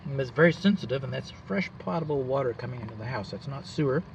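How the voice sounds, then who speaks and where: A man's voice: medium pitch, animated, fast, gravelly, a little hiss or hum, poor audio. A man with a Texan accent working as a home inspector, explaining things plainly as he walks around a house outdoors. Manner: folksy, explains plainly while walking. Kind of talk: casual walkthrough narration.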